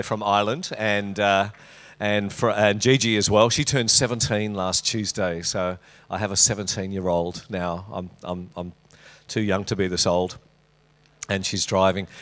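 Joking middle-aged Australian pastor. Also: male voice, on the low side, fairly bright tone. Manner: joking, teasing banter with the congregation. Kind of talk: sermon. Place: church auditorium.

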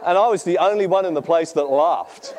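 A man's voice: on the high side, fairly quick, noisy background. A man preaching a sermon, telling funny stories and often laughing at his own jokes. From Australia. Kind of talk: sermon with humorous anecdotes.

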